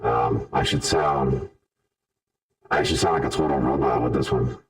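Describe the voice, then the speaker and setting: A deep robotic machine voice. It drops extremely low and sounds set back from the mic, casual and offhand. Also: male voice, steady tone, measured pace, far from the mic, low-quality recording. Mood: playful. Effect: robot voice changer.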